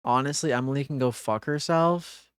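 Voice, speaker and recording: A woman's voice: extremely low pitch, normal speed, clear, resonant tone, no echo, clean studio sound. A woman streamer giving live gaming commentary, reading dialogue choices aloud and swearing in dismay.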